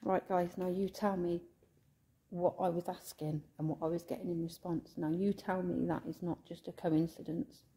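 A woman talks through a ghost-hunting vlog inside a church, calling out in a coaxing, pleading way. Her voice is warm and mellow, and she sounds emotional. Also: lowish voice, steady tone, moderate pace, slightly rough. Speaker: ghost hunter vlogger.

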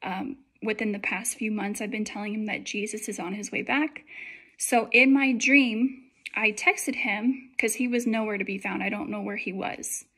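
A woman's voice: medium pitch, moderate pace, pushed and bright, slightly rough. A young woman telling a dream in casual testimony, chatty and full of fillers. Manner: chatty, many likes and fillers.

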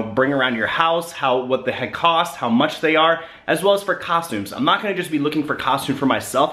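A man's voice: on the high side, bright, forceful tone. A young man with the hiccups chatting casually to his vlog camera, rambling with lots of fillers. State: has the hiccups. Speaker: vlogger.

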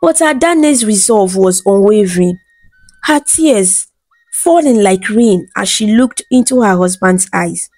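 A woman narrating a bedtime folktale in a smooth, even storytelling read. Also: medium pitch, unhurried, dry recording, soft background music.

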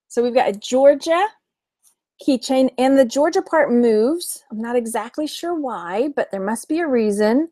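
A woman's voice: a little high, lively intonation, measured pace, warm tone, no room sound, studio quality. A woman in her thirties with a Texan accent, chatting casually on a live stream, giggling often and reading viewer comments aloud. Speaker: vlog host, reseller.

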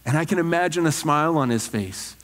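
Male pastor, slightly high voice, earnest sermon, long church reverb. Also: a little fast. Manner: earnest, animated preaching with rhetorical questions. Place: church sanctuary.

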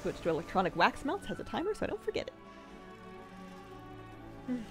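A woman's voice: medium pitch, wildly swooping pitch, a little fast, over music. A woman streaming a game, chatting casually with chat in a rambling way and laughing often. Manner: chatty, giggly, rambling asides.

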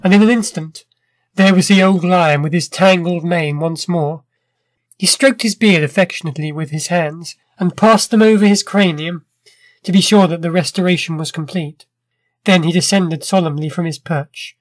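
A man narrating a classic short story in a measured, vivid first-person manner. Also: high-pitched, dry recording.

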